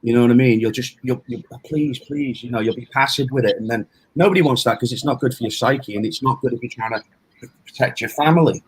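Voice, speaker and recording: A middle-aged man from England talks casually about self-defense in a husky, slightly breathy voice. He rambles through stories, restarting sentences and dropping in fillers, his pitch sitting in an ordinary middle range. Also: fairly quick, rough recording. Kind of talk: casual interview talk.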